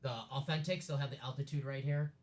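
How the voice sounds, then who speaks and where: A man's voice: mid-range voice, level tone, fast talker, a crowd in the background. A man co-hosting a live sports card break, easygoing and giving short agreeing replies. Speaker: co-host. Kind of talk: casual live-stream chat.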